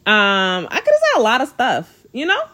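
A woman's voice: a little high, huge pitch swings, normal speed, sharp tone. A young adult woman hosting a podcast, telling a dating story in a casual, slangy way and laughing often. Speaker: podcast host.

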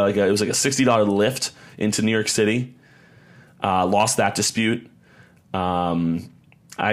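Young guy podcasting, lowish voice, rambles and restarts a lot, does little voices for quotes. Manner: rambling, repeats words and restarts, acts out quotes. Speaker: podcast host. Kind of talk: casual storytelling monologue.

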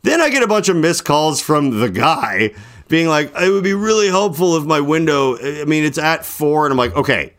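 A man's voice: on the high side, lively intonation, normal speed, a bit bright. A young adult man hosting a casual podcast, rambling through a long story, full of "like" and acting out both sides of his phone calls. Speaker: podcast host. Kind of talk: casual late-night storytelling chat.

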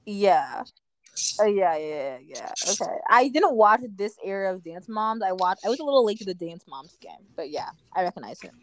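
A giggly young woman co-hosting a relaxed podcast, her thoughts drifting off halfway through. Her voice is dry and close, with no room around it. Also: mid-range voice, normal speed, dry recording. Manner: giggly, easygoing, trails off mid-thought. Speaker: podcast co-host. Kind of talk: casual chat.

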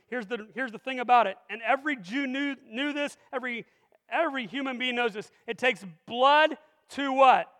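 High-voiced pastor guy, pumped up, keeps asking the crowd questions, big echoey church. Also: moderate pace. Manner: energetic, full of rhetorical questions to the congregation. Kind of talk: sermon. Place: church sanctuary. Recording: long reverb of a large hall.

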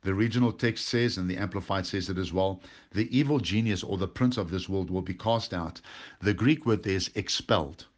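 Low-voiced man preaching a Bible study. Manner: preaching with slow emphatic stresses, reads scripture aloud. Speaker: pastor.

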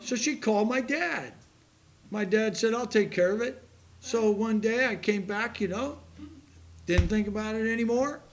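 A man's voice: high-pitched, a little slow. A man in his sixties, a pastor, preaching a sermon with folksy, self-deprecating stories and laughing at his own tales.

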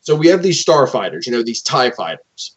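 A man doing a stammering imperial pitch guy. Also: sing-song, fairly quick, husky, lo-fi sound. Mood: nervous. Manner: hesitant, stammering. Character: nervous male imperial idea pitcher.

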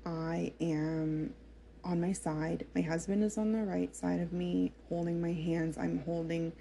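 A woman's voice: lowish voice, little pitch movement, a little slow, gravelly, warm tone, slight background noise. A young woman casually recounting her birth story in a chatty, emotional way, with lots of fillers.

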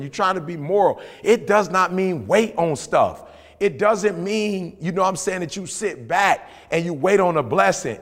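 A man's voice: fairly high pitch, vocal fry, in a large hall. A man co-hosting a podcast, telling motivational stories in slangy casual talk and acting out other people's voices. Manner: animated storytelling, acts out voices, slangy. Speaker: podcast co-host.

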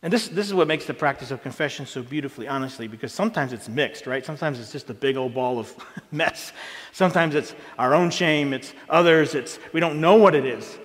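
A man preaching a sermon as a pastor, earnest and plain-spoken, rising in pitch when he presses a point. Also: a little fast. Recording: long hall reverb.

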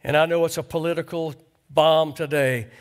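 A pastor preaching a conversational sermon in a church, asking the congregation rhetorical questions. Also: male voice, a little high, fairly even intonation, normal speed. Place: church sanctuary.

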